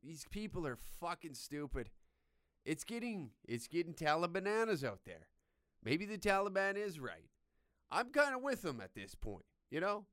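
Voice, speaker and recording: Young man, crude sarcastic rant, smooth voice, close mic. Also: high-pitched, very animated, normal speed, sharp tone, no room sound. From Canada. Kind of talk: profane comedic rant.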